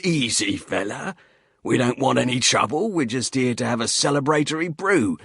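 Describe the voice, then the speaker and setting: A man voicing a huge, falsely friendly male hiker with a gravelly Cockney accent, in an audiobook. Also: medium pitch, lively intonation, moderate pace, a bit bright, no echo, studio quality, voice pushed up. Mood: placating. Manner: breezy, chummy, needling.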